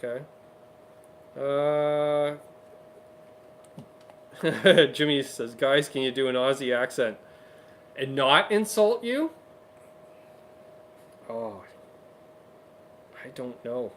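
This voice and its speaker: Man, livestream co-host, mid-pitched, upbeat and chatty, faint hiss behind. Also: animated. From Canada. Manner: chatty, upbeat, quick asides. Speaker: co-host of a livestream guitar show. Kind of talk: casual livestream chat reading viewer comments.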